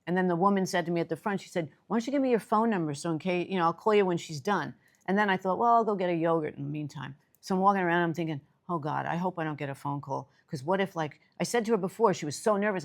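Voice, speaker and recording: An older woman from New York City, co-hosting a casual chat and telling stories with lively, rising excitement. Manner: animated storyteller, voice jumps high when excited. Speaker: co-host.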